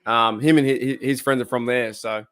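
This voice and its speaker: A man's voice: medium pitch, a little fast, clear, resonant tone. A man with an Australian accent hosting a fan watch party, giving casual commentary on the game, cheering and groaning at each play. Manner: excitable, cheers and groans at plays.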